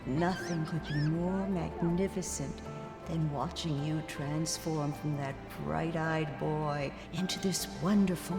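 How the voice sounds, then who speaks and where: An actress playing the ghost of a doting grandmother in a comedy sketch, speaking sweetly and fondly, with music behind her. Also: reverberant. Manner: sweet and doting, then shrill and desperate. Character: ghost of a loving grandmother, turning frantic. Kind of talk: scripted sketch comedy acting.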